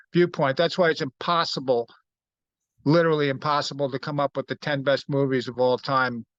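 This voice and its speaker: A middle-aged man co-hosting a podcast, telling stories in casual chat and getting animated when he quotes people. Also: a little high, clear, resonant tone, dry recording. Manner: storytelling, animated when quoting others. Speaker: podcast co-host. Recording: dull, slightly lo-fi dry sound.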